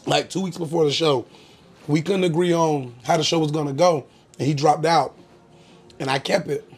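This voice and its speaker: A young man from Florida talks loosely about his comedy career, pausing often on "um" as he goes. His voice sits a bit higher than most men's. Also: fairly even intonation, slightly rough, soft background music. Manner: laid-back storytelling, frequent "um" fillers, bursts of laughter. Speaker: comedian guest. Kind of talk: casual interview chat.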